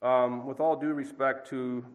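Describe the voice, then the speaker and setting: A man's voice: mid-range voice, little pitch movement, a little slow, narrow, tinny audio. A middle-aged man reading a passage of scripture aloud, then giving a plain, conversational devotional talk with a dry aside now and then. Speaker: preacher.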